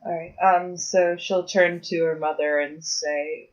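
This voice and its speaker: A woman's voice: fairly low pitch, steady tone, a little slow, few pauses, a little hiss or hum, poor audio. A woman playing in a tabletop game, reacting playfully and casually. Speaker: player.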